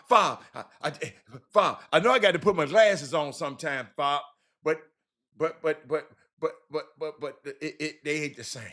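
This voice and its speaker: A man hosting a casual live stream, reading viewer comments and talking animatedly, jumping from shouts to mutters and repeating himself. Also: a little high. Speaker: host reading live chat.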